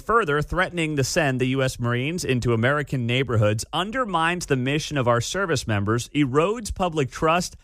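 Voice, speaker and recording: A man's voice: high-pitched, a bit bright, dry recording. A man hosting a talk radio show, delivering an opinionated monologue with an incredulous, sarcastic edge. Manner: incredulous, sarcastic, laughs at the absurdity. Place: radio studio. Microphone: studio microphone.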